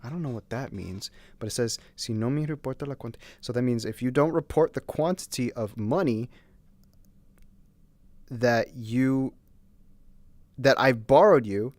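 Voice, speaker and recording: A man's voice: mid-range voice, a little slow, pauses often, darkish tone, no room sound. A man streaming and chatting casually, giggling and mocking himself as he goes. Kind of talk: casual gaming stream chat.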